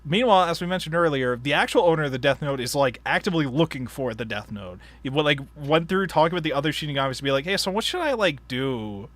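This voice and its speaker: A man's voice: fairly high pitch, quick pace, few pauses, fairly bright tone. A man hosting a casual book club podcast, rambling, laughing a lot and acting out characters as he recaps. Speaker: podcast host.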